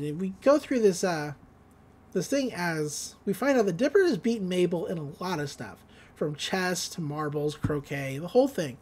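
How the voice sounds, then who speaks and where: A woman hosting a podcast, recapping an episode in a casual, rambling way with many fillers and quick laughs. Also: on the low side, lively intonation, dark tone. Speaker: podcast host.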